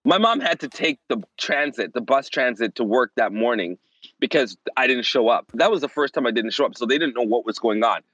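Animated male minister telling a story. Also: mid-range voice, brisk, no echo, muffled recording. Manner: animated, acts out the voices of others. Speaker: minister and family therapist, podcast guest. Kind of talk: personal storytelling in an interview.

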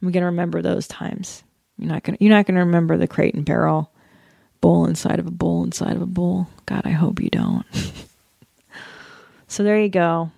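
A woman in her thirties from the United States, hosting a solo podcast in a casual, animated rant full of swearing and laughter. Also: on the low side, moderate pace, gravelly, pauses often, no echo, studio quality. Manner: animated, profane, laughing often. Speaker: podcast host.

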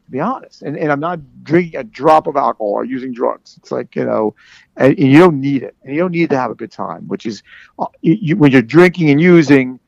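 Man, gravelly voice, dry close sound, middle-aged, halting casual talk, repeats words. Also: fairly high pitch, darkish tone, no echo, lo-fi sound. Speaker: calling guest. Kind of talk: casual chat.

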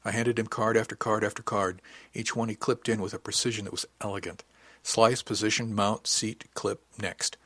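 A man narrating an audiobook in steady, matter-of-fact first-person storytelling. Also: lowish voice, normal speed, no echo.

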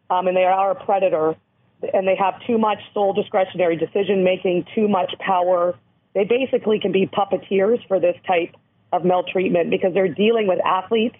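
A woman from Canada with a hoarse voice, speaking earnestly as an interview guest who educates on abuse prevention. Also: medium pitch. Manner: earnest, emphatic, explanatory. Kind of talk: interview over the phone. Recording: tinny phone line.

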